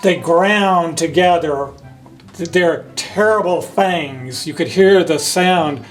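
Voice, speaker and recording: With a slightly high voice and an unhurried pace, a man gently reads a picture book aloud to children, taking each page first in French and then in English. He pauses to explain what's happening in the pictures. Faint music plays behind him, and the audio quality is poor.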